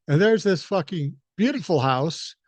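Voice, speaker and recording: A man in his sixties from the Midwest spins a story on his podcast, blunt and laid-back, with plenty of swearing. His voice sits a bit high for a man, recorded close and dry with no room sound. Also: animated, measured pace, a little mellow, no room sound. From American Midwest. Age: 60s. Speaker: podcast host. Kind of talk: casual storytelling monologue.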